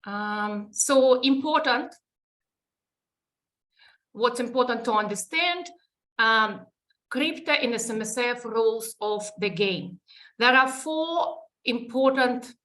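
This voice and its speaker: A woman's voice: fairly high pitch, slow, pauses often, a bit bright. A woman with a Russian accent, a native Russian speaker, presenting a live webinar and explaining step by step with frequent restarts and fillers.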